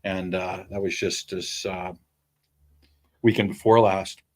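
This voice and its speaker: A man as a podcast guest, chatting casually and telling animated stories. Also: low voice, slow. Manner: animated, chatty storyteller with restarts. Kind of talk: casual chat, storytelling.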